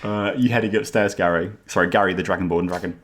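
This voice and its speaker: A man narrating as game master for a tabletop adventure. His voice sits very low, and he describes scenes loosely, full of fillers and restarts. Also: steady tone, quick pace. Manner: loose and rambling, many fillers.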